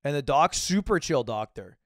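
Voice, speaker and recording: A man's voice: a little high, expressive, normal speed, no room sound, studio quality. A man co-hosting a podcast, telling anecdotes about his girlfriend in casual chat. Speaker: podcast co-host.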